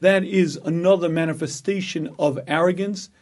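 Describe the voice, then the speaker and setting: A rabbi giving a Torah lecture, speaking emphatically, asking rhetorical questions and repeating phrases for effect. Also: male voice, high-pitched, steady tone, normal speed, a little mellow. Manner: acts out an inner voice in dialogue.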